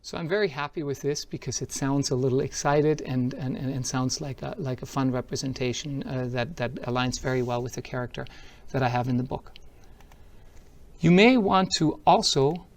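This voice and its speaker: A man's voice: mid-range voice, gravelly. A man presenting an upbeat product demo. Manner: upbeat, explanatory, walks through steps as he shows them. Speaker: presenter at a tech conference.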